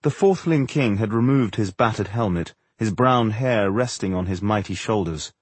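A man with a husky voice narrating a fantasy audiobook in a measured, steady way. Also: on the low side, no room sound.

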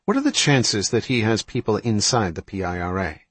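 A sharp, insistent male intelligence analyst, as a man reads him pushes his argument hard in an audiobook. His voice sits fairly low and husky, with a dry, close sound. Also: big pitch swings, moderate pace, no echo, full character voice. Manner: pressing, argumentative.

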